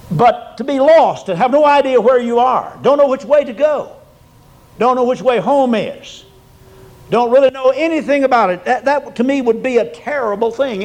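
An older man from Oklahoma, preaching a sermon in a folksy storytelling way, rising to loud emphatic peaks and dropping to quiet low lines. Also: rough recording.

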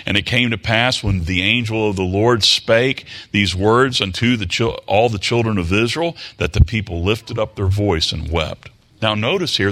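A man's voice: on the low side, normal speed, a bit bright. A man preaches a sermon, moving between scripture reading and plain explanation. He talks in a folksy, conversational way and checks in with his hearers through rhetorical tag questions.

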